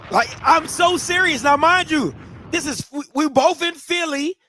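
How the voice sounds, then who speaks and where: A man's voice: extremely high pitch, unhurried, bright, forceful tone, slight background noise. A man from Ohio telling a casual, slangy story to his viewers, repeating and restarting phrases as he goes. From Ohio, USA. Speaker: vlogger.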